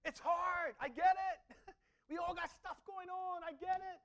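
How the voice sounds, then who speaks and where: This is a man preaching with a strikingly high-pitched voice. His delivery is animated, moving from hushed, almost whispered passages to loud, emphatic declarations. He acts out snippets of inner dialogue as he goes. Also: a little slow. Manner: animated preaching, swings from soft murmurs to loud emphatic lines. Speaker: pastor. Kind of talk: sermon.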